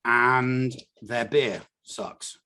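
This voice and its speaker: A man's voice: medium pitch, fairly even intonation, drawn-out words, sharp tone. An English man co-hosting a podcast, chatting casually in a blunt, dry and wry way. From England. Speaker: podcast co-host. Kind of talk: casual chat.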